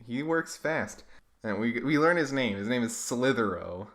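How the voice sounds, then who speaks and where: A man's voice: medium pitch, lively intonation, normal speed, fairly bright tone. A man giving comedic commentary as he reads his childhood comics, wry and self-mocking with dry asides. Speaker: webcomic creator.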